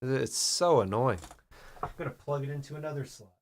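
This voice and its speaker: Gravelly guy ranting through a tutorial. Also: medium pitch, brisk, a little hiss or hum. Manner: rambling, frustrated, swears, mock-serious. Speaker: art tutorial host. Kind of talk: casual comedic screen-recorded tutorial.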